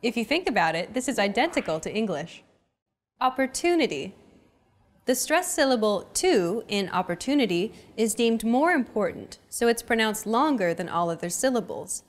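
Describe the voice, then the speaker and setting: Woman, young adult, lesson host, scripted, upbeat coaching, lively pitch. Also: moderate pace, hardly any pauses.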